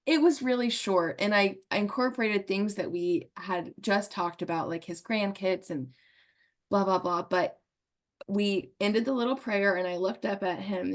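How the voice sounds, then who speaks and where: A woman's voice: mid-range voice, moderate pace. A woman guest on a podcast, telling a story in an earnest, emotional way and often laughing as she talks.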